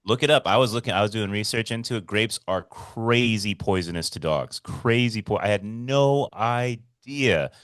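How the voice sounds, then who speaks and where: Deep-voiced excitable man telling a story. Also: moderate pace, few pauses, no room sound. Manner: excitable, swears freely, repeats himself. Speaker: podcast co-host. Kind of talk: casual storytelling chat.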